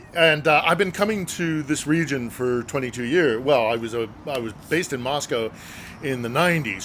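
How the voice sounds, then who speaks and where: A man's voice: mid-range voice, fairly bright tone, a little hiss or hum. A middle-aged man, a journalist guest, telling a story casually and earnestly, with many fillers and hesitations.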